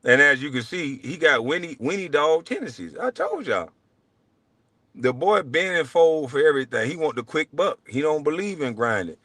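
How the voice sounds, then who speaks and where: A man's voice: sing-song, normal speed, no echo. Blunt, profane man ranting. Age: middle-aged. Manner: profane, blunt, jumps between low mutters and loud outbursts. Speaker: show host. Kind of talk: heated livestream rant.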